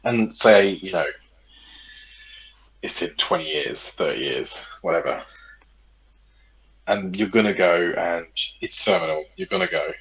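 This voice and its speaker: A man with a low, deep voice co-hosts a casual podcast chat. He rambles, circles back over his own words and swears freely. He talks into a studio podcast mic. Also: unhurried, creaky, long pauses, a bit bright, rough recording. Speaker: podcast co-host.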